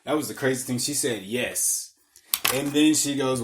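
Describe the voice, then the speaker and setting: A man's voice: mid-range voice, normal speed, noisy background. A young man hosting a podcast, telling loose stories in casual chat, swearing often and laughing at his own jokes. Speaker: podcast host.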